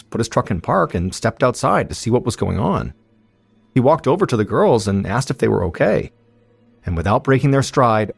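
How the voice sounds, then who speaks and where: A man narrating a true-crime story in a steady, suspenseful scripted style as podcast host. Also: medium pitch, vocal fry, husky, no room sound.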